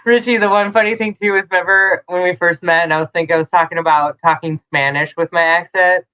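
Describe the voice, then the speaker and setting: A woman's voice: lowish voice, fairly even intonation, fairly quick, pushed and bright, clear, resonant tone, highs cut off. A woman with a Midwestern American accent co-hosting a casual podcast, giggly and laughing often. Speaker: podcast co-host. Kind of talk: casual chat.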